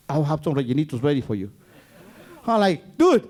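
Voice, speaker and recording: A man's voice: a little high, fast. A man from Guatemala, telling a story on stage and acting out the voices of the people in it. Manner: animated, acts out the voices in his story. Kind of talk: live storytelling.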